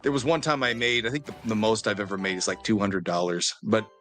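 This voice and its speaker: A man's voice: lowish voice, expressive, fast, a bit bright, faint music behind. A man chatting casually and rambling through his points during a game playthrough.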